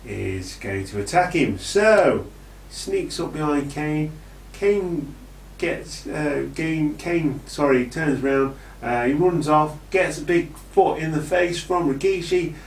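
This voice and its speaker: Slow, jokey British man in an echoey room. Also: mid-range voice, slight background noise. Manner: rambling and jokey, with many ums. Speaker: wrestling show reviewer. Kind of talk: casual video review. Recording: echoey room, distant from the mic.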